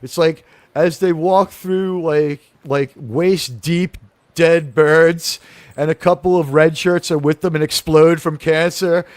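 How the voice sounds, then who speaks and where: A man hosting a casual comedic talk show, animated and rambling, with many restarts. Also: on the high side, slow, no room sound.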